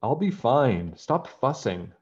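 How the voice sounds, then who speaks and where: Spoiled picky prince, impatient, husky, voiced by a man, storybook. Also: mid-range voice, sing-song, takes it slowly, a little mellow, dull audio, exaggerated voice.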